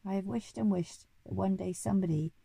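A woman's voice: mid-range voice, fairly quick, gravelly, dark tone, breathy edge, no room sound. A woman voicing a shy young boy who speaks hesitantly and nervously.

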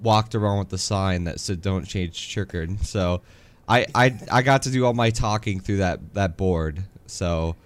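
A man from Arizona with a lowish voice, chatting on a sports podcast. He talks in an easygoing, agreeable way and leans on plenty of uh and um fillers. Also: unhurried. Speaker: podcast co-host. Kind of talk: casual chat.

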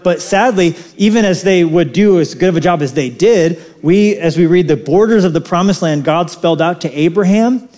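A man preaching a sermon in an animated, conversational way, with casual asides to the congregation. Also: fairly high pitch. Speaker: pastor.

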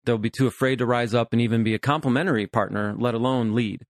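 A man's voice: mid-range voice, fairly even intonation, quick pace, no room sound. Earnest man in his fifties, dry sound. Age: 50s. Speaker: pastor and therapist, podcast host. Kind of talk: podcast conversation.

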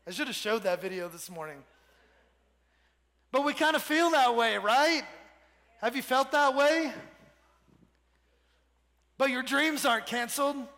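A man's voice: very high-pitched, expressive, measured pace, long pauses, bright, forceful tone, in a large hall. A man preaching a sermon to a congregation with energy, leading them in call-and-response. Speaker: pastor.

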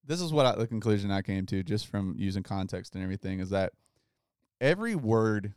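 A man hosting a podcast, talking through a Bible passage in a relaxed, casual way, often saying "like" and reading scripture aloud. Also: lowish voice, a little fast, clean tone, dry recording, studio quality. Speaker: podcast host. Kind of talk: casual Bible study chat.

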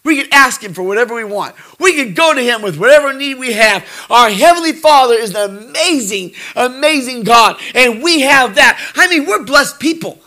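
A middle-aged man preaching a folksy sermon, joking and repeating himself, swinging from quiet asides to shouted praise. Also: very high-pitched, animated, moderate pace, few pauses. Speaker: pastor.

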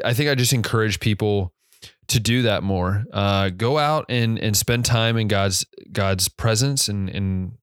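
A young man with a lowish, smooth, resonant voice talks on his podcast in a loose, rambling way, stopping to rephrase himself and filling gaps with "um" and "uh". He sounds drowsy and yawns now and then. The sound is close and dry, with no room around it. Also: no room sound. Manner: rambling, self-correcting, with many fillers. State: yawning, drowsy. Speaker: podcast host. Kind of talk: casual reflective monologue.

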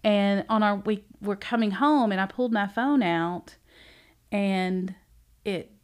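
A middle-aged woman, a bookstore owner, chatting casually as a podcast guest, animated and laughing often as she tells stories. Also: mid-range voice, slow, smooth. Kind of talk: casual interview chat.

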